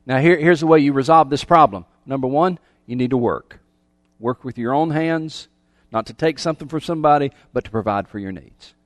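A man's voice: mid-range voice, fairly quick, no room sound. A man preaching a sermon in a conversational way, asking his listeners questions and often repeating words as he goes. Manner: conversational, asks the audience questions. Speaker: pastor.

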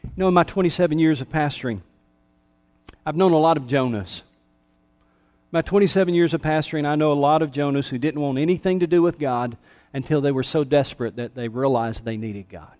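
A middle-aged male pastor preaching a sermon, swinging between emphatic raised calls and soft, quiet lines. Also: a little high, brisk.

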